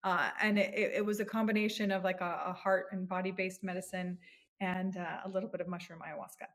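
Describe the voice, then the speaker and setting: A woman's voice: lowish voice, flat delivery, brisk. A woman in her thirties, a psychotherapist, speaking earnestly and reflectively as a podcast guest, often restarting her phrases. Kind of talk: podcast interview.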